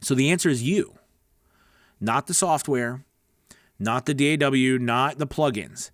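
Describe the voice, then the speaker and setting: A man's voice: medium pitch, a little slow, no room sound. Chatty man coaching voice work, dry sound. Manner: earnest, chatty, says "right?" often, restarts. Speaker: voice-over coach. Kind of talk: casual teaching monologue.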